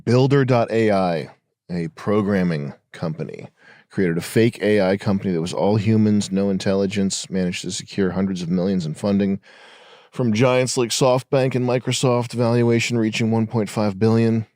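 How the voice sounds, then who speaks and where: A man's voice: lowish voice, moderate pace, a little mellow, no echo, studio quality. A man in casual podcast chat, talking bluntly and crudely and reading links aloud.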